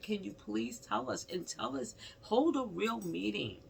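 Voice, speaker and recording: Male vlogger, casual rant-style commentary, gravelly with some fry, keeps repeating himself. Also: high voice, wildly swooping pitch, measured pace, few pauses, a little hiss or hum. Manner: rambling, repetitive, exclamatory, talks straight to the subject.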